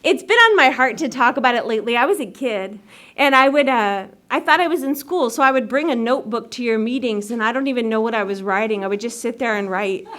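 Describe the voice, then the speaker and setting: A woman with a fairly high voice tells her recovery story to a meeting. She talks in a chatty, self-mocking way and laughs at herself often. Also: quick pace, fairly bright tone. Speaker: AA meeting speaker. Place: meeting hall.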